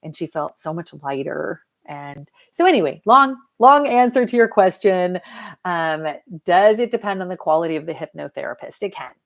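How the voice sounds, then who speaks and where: Low-voiced chatty woman hypnotherapist. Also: normal speed, vocal fry. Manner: chatty and lively, addresses viewers as "you guys". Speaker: hypnotherapist and mentor. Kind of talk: casual live-stream talk to viewers.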